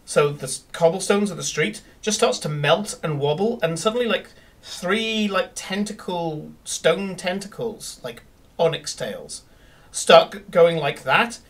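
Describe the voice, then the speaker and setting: A man's voice: fairly high pitch, animated, measured pace, fairly bright tone, distant mic. Rambling man narrating a tabletop game. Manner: rambling with many fillers and restarts. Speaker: game master.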